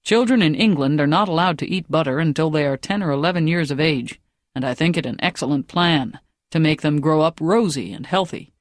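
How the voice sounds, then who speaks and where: A woman's voice: low-pitched, brisk, dry recording, clean studio sound, natural voice. A woman reading a storybook and voicing a strict, decisive father. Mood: stern. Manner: firm, decided.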